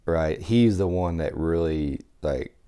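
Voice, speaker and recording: A man with a very low voice tells stories from his past on a podcast. He talks in a loose, animated way, swears freely and slips into the voices of the people he quotes. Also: slow pace, clear, resonant tone. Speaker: survival instructor, podcast guest. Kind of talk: casual storytelling chat.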